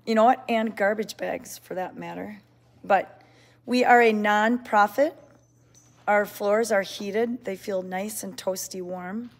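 Speaking slowly in a steady, mid-range voice, a woman runs a casual livestream from an indoor cat sanctuary on a handheld phone. She chats, greets viewers by name and coos at the cats.

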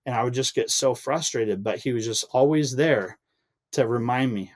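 A man's voice: mid-range voice, moderate pace. A young adult man sharing a heartfelt personal testimony as a podcast guest, earnest and emotional, his voice rising when he recalls frustration. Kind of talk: personal testimony in casual chat.

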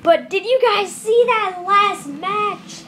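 A very high, light voice talks through a tense shooter match at an unhurried pace. She chatters casually, nerves showing, then breaks into excited shouts. The sound comes off a camera pointed at a screen, with faint noise behind. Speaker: gameplay commentator. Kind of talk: casual game commentary. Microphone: camera filming a screen.

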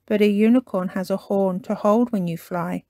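A woman reading a storybook aloud and voicing a quiet little girl sheep who speaks gently and politely. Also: mid-range voice, fairly even intonation, normal speed, no echo, studio quality, natural voice.

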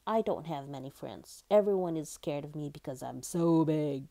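A woman voicing a huge, grumpy, lonely male whale who talks loudly and bluntly. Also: low-pitched, moderate pace. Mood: sad. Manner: loud, gruff, blunt.

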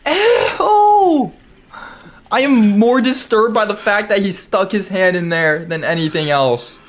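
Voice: mid-range voice, fairly even intonation, normal speed, fairly bright tone. A streamer giving live commentary over a horror game, reactive and prone to shrieking. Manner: reactive, swings from mumbling to shrieking.

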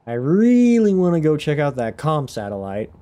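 A man's voice: on the high side, sing-song, moderate pace, dark tone. A young man chatting casually while live-streaming a game, rambling, restarting his sentences and laughing often.

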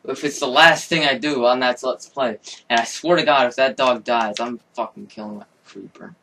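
A young man commentating his own game, excitable and swearing, with sudden yelling outbursts. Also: medium pitch, normal speed, distant mic, slight background noise. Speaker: gamer.

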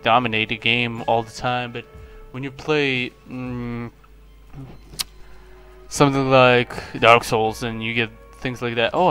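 A young Lithuanian man, a native speaker, hosts a gaming channel and gives rambling, self-mocking commentary on his own gameplay, breaking into sudden excited yelps. His voice is medium in pitch.

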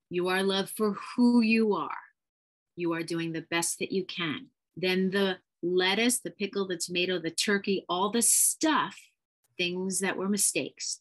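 A middle-aged woman therapist giving an earnest, emphatic teaching talk, repeating key phrases. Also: lowish voice. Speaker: therapist and channel host.

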